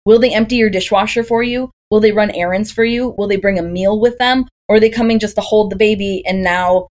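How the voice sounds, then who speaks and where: Speaking a little fast in a steady, slightly mellow mid-range voice, this Green Bay, Wisconsin woman in her thirties appears as a doula guest on a casual podcast. She's chatty, weaving in stories and rhetorical questions.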